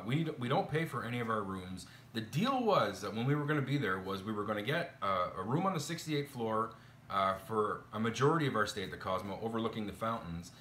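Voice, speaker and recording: A man's voice: mid-range voice, bright, forceful tone, a little hiss or hum. A man vlogging, telling a complaint story in a chatty, exasperated way with lots of fillers. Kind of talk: casual complaint storytelling to camera. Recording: echoey room.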